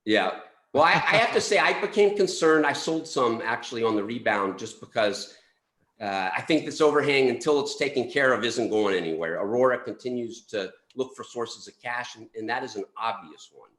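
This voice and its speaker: A man's voice: mid-range voice, expressive, moderate pace, fairly bright tone. Man talking stocks with restarts, roomy. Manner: thoughtful, hesitant, many restarts. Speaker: guest analyst. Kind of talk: casual market commentary.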